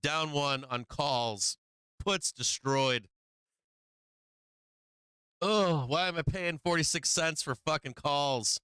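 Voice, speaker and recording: Guy venting on his trading stream, cussing nonstop, super clear dry mic. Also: fairly high pitch, takes it slowly, pauses often, bright, forceful tone, dry recording. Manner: frustrated, swearing, venting, laughing to himself. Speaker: live stream trading host. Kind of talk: profane live trading stream chat.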